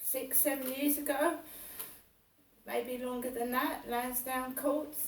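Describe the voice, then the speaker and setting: Woman, unhurried rambling storyteller, highish voice, recorded from across an echoey room. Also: steady tone, slight background noise. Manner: rambling and halting, with many fillers and restarts. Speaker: vlogger. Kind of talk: casual personal storytelling. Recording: roomy sound from a distance.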